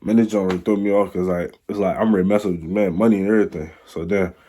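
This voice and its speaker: Young dude rambling thru a storytime, low husky voice, lots of slang. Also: male voice, fairly even intonation, very fast, mellow. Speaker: vlogger. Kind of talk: casual storytime.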